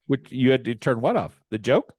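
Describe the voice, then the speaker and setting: A man co-hosts a podcast in a loose, rambling, profane way, often breaking into laughter mid-sentence. His voice sits at an ordinary middle pitch. The sound is dry and close, with no room echo. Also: big pitch swings, normal speed, a little mellow, slightly rough. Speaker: podcast co-host. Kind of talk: casual chat.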